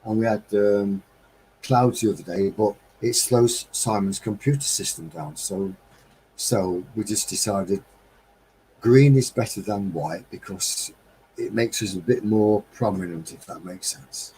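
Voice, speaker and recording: A man's voice: on the low side, a little slow, warm tone, slight background noise, poor audio. A man hosting a casual live-stream chat from a home setup, talking in a rambling, chatty way and chuckling often. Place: home studio with green screen.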